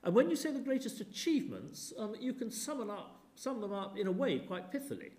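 A man's voice: sits high, big pitch swings, a little fast, darkish tone. A man delivers a public lecture in a large theatre, and his voice rises and falls a great deal. He slips in dry, ironic asides as he goes. The sound is roomy, with the hall ringing around him. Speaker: history lecturer.

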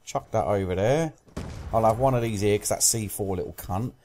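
A man's voice: fairly low pitch, normal speed, a little mellow, slight background noise. A young British man commentating his own gameplay, swearing constantly and raging at other players. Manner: swears constantly, rages at teammates and enemies. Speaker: gaming commentator.

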